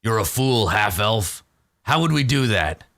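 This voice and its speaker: A man voicing a big, gruff, scornful male orc leader who snarls his lines. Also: fairly low pitch, sing-song, measured pace, fairly bright tone, exaggerated voice.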